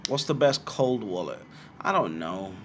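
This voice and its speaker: A man's voice: lowish voice, a little slow, slight background noise. A young man from Britain hosting a livestream, answering viewer questions in blunt, casual chat with plenty of swearing. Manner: blunt, swearing, animated asides. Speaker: bitcoin livestream host.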